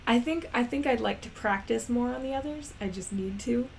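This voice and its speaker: A woman's voice: a little high, normal speed, vocal fry, slight background noise. A woman rambling in casual chat, giggly and self-deprecating. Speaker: animator and vlogger.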